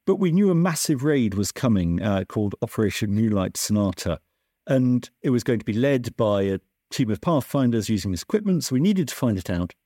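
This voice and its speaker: A man, a science writer, tells wartime history in a podcast chat. His voice is mellow and warm yet very animated, rising and falling as he restarts and corrects himself. The sound is close and dry. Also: fairly quick, no echo. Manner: animated storyteller, lively pitch swings, self-correcting restarts. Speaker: science journalist and author, guest. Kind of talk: conversational podcast interview.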